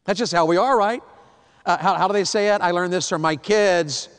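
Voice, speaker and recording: A man, preaching a sermon, swinging from hushed to loud. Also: high-pitched, fairly quick, clear, resonant tone. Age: 50s. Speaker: pastor. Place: large church hall. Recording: long hall reverb.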